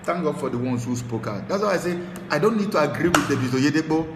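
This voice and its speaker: Nigerian man, political rant, high lively voice, shouting bursts, echoey reverberant room. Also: quick pace, background noise. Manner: swings from low muttering to shouted tirades. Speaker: show host. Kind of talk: impassioned political commentary.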